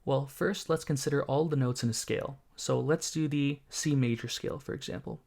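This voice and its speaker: A man teaching music production basics in a calm, methodical tutorial, explaining each step. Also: mid-range voice, brisk, gravelly. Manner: calm, methodical, walks through each step while playing examples.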